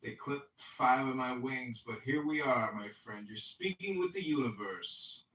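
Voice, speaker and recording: A man chatting casually as a political candidate, greeting friends with booming warmth. His voice is bright and cutting. It comes through distant and echoey. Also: lively intonation, a little slow. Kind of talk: casual chat on a voice chat app.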